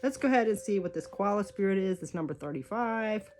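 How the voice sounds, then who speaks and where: A woman's voice: mid-range voice, lively intonation, fast talker, a little mellow, a little hiss or hum. A woman reading oracle cards, chatty and encouraging, thinking aloud as she goes. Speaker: tarot card reader. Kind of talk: spiritual card reading. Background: faint music.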